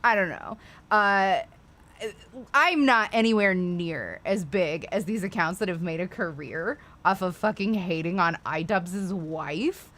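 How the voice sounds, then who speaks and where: A woman's voice: fairly low pitch, lively intonation, measured pace, fairly bright tone. A woman hosting a casual livestream and chatting to viewers, ranting with frequent swearing and apologetic asides. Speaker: livestream host.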